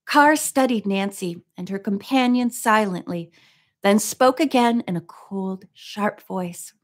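A woman reading a mystery book aloud in a steady narrating voice, now and then breaking off for soft, chatty asides. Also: medium pitch, unhurried.

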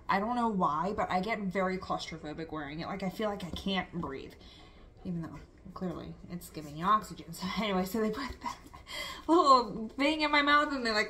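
A woman's voice: medium pitch, sharp tone, slight background noise. A young woman telling a story in a casual vlog, chatty, full of fillers and laughing often. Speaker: vlogger.

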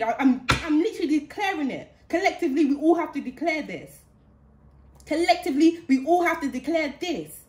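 A woman's voice: high-pitched, expressive, moderate pace, darkish tone. A woman giving a channeled spiritual reading in an indignant, heated way, repeating phrases for emphasis. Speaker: spiritual card reader. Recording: roomy echo.

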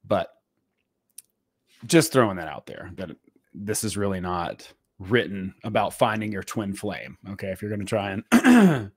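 A man co-hosting a podcast in casual, rambling conversation, full of fillers and throat clearing. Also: fairly low pitch, sing-song, a little slow, no room sound, studio quality. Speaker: podcast co-host.

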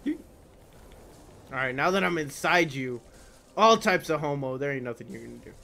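A young man streaming a video game, shouting and yelping excitably at enemies with lots of swearing. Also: on the high side, moderate pace, creaky. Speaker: gaming streamer. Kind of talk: live game-stream commentary.

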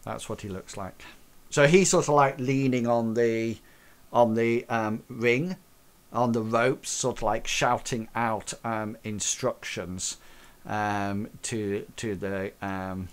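A man's voice: lowish voice, steady tone, slow pace. A man narrating as game master of a tabletop game, rambling with many fillers.

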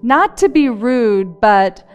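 A woman giving an impassioned, preachy speech to mothers, slow and emphatic. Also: fairly high pitch, animated, clean tone, faint music behind. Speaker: parenting speaker.

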